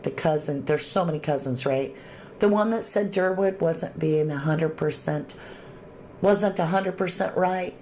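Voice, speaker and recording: A woman's voice: sits low, measured pace, darkish tone, a little hiss or hum. A woman hosting a true crime livestream, reading viewer comments aloud and chatting casually, thanking viewers with endearments.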